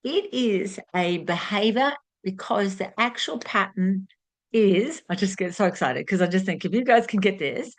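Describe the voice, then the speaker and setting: A woman speaks straight to camera as a spiritual teacher, earnest and direct. She presses on key words and circles back with rhetorical questions. Her pitch sits in a middle range. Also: fairly bright tone.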